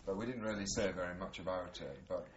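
A man interviewing a veteran for an oral history, asking brief, gently prompting questions. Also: sits low, fast talker, reverberant, recorded from a distance. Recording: dull lo-fi tape with faint hiss.

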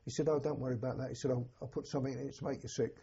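An older English man, a war veteran, telling an oral history in a halting, plain-spoken way with a husky voice. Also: mid-range voice, fairly even intonation, warm tone, muffled recording. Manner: halting, plain-spoken storytelling with many restarts. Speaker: war veteran recounting memories.

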